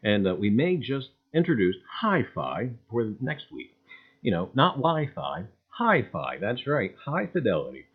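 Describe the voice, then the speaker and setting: A man's voice: mid-range voice, big pitch swings, measured pace, breathy edge. Folksy man hosting a livestream. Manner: folksy, repeats catchphrases, loud cheerful greetings. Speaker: livestream host. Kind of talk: livestream chat greeting viewers. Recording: dull lo-fi sound.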